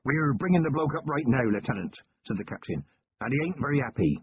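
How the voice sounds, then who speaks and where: A man voicing a rough male ship captain who talks in a resigned, apologetic way. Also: medium pitch, very animated, quick pace, dry recording. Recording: tinny lo-fi recording.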